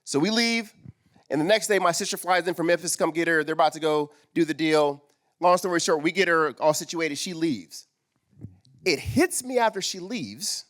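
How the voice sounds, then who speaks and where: A man's voice: fairly high pitch, a little fast. A man speaking at a live men's summit, telling a personal story and acting out the dialogue in it. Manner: animated, acts out quoted dialogue. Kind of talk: storytelling talk. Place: live event stage.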